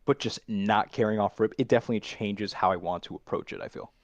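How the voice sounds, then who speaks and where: A man, a voice acting student, reflecting on his performance in a casual coaching chat and speaking quickly when he explains. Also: fairly low pitch, muffled recording.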